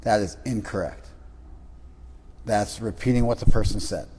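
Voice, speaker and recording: A man with a slightly husky voice leads a lively class, teasing his students and acting out little scenes. His voice carries a long reverb from a large room. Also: lowish voice, moderate pace. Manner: teasing, animated, acts out quoted voices. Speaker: spiritual teacher leading a class.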